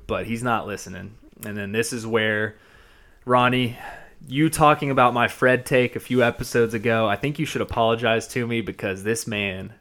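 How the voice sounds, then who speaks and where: A young man with a South Georgia accent talks through a show recap with a casual, excited energy. His voice sits at a middling pitch. He quotes scenes and goes on at length about what he likes. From Georgia, USA. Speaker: podcast co-host.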